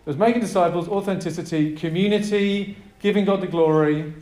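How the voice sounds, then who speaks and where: High-voiced man preaching in an echoey room. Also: fairly quick. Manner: emphatic, energetic preaching with audience prompts. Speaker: pastor. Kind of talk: sermon to a live group. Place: room with a gathered group.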